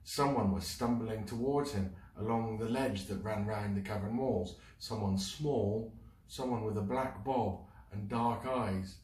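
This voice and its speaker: A man reading a children's book aloud as a storyteller, in an expressive, dramatic way. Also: fairly low pitch, a little slow. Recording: roomy, mic at a distance.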